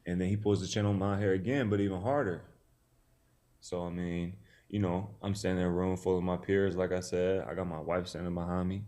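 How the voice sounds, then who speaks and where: Relaxed in a casual interview, this Tennessee boxer in his thirties recounts a story, leaning heavily on "you know" and performing the quoted lines himself. He speaks briskly in a low, dark voice with a steady tone.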